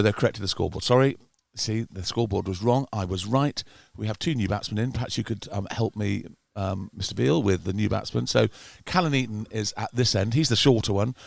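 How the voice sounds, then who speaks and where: Gravelly club commentator, chatty and teasing, close dry mic. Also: male voice, lowish voice, no echo. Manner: chatty, teasing, gets excited at wickets. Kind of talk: live amateur cricket commentary.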